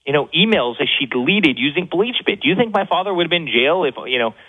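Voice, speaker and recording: A man speaking as an interview guest, fast and animated, with many restarts and repeated words. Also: a little high, husky. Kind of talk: interview on a phone line. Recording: tinny phone line.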